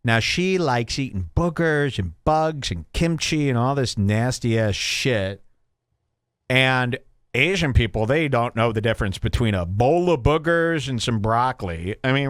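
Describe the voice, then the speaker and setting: Lively sarcastic man ranting on a podcast. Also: medium pitch, dry recording, clean studio sound. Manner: sarcastic, exaggerated mock voices. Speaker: podcast host. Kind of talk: ranting comedic podcast talk.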